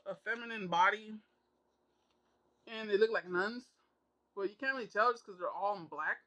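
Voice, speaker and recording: Bright, high-voiced man reviewing comics. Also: poor audio. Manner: loose and conversational, full of "kinda" and "you know". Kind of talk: casual spoken review.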